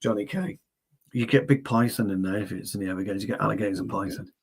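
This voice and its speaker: A man's voice: fairly low pitch, quick pace, slight background noise. A man co-hosting a casual livestream chat, chatty and repeating words for emphasis. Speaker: co-host.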